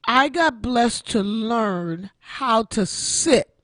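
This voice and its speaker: Emotional woman in her sixties, slow. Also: a little high, animated, a bit bright, dry recording, clean studio sound. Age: 60s. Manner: emotional, repeats phrases like a preacher. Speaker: internet radio show host. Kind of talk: heartfelt personal testimony.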